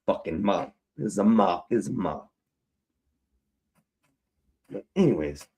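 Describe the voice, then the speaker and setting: A man's voice: low-pitched, lively intonation, measured pace, mellow. Profane, rambling man streaming live. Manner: loose, profane, rambling, addresses viewers as y'all. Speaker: livestreamer. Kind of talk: casual live-stream chat. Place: at home, fixing his hair on camera.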